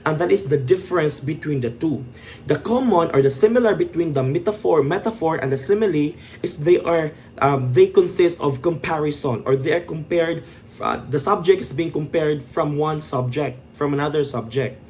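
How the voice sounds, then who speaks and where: A man's voice: on the high side, moderate pace, darkish tone, slight background noise. Young man explaining a lesson. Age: young adult. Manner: explains in English mixed with Cebuano. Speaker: student presenter. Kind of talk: classroom presentation.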